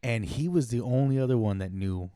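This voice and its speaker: A young man co-hosting a podcast, talking casually and haltingly, often restarting his sentences. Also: medium pitch, mellow, clean tone, no echo, studio quality. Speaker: podcast co-host. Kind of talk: casual chat.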